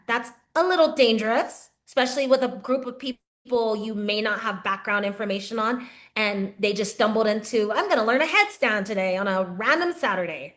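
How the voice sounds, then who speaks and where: A woman with a somewhat high voice leads a yoga teacher training session. She lectures conversationally, shifting her pace and often pausing to check in with the group. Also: a bit bright. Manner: conversational, frequent "right?" check-ins, varied pace.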